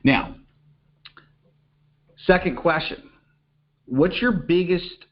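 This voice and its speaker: Energetic middle-aged male business coach, slightly high voice, dull lo-fi audio, keeps checking in with the audience. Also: extremely slow. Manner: energetic, repeats "okay?" to check in, acts out little phone calls. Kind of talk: coaching talk to an online audience.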